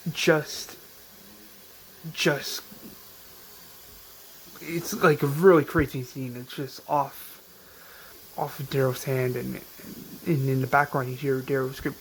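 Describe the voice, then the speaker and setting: A man's voice: fairly high pitch, slight background noise, low-quality recording. A man casually recapping an episode on his channel, rambling with many fillers and restarts. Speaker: video recapper.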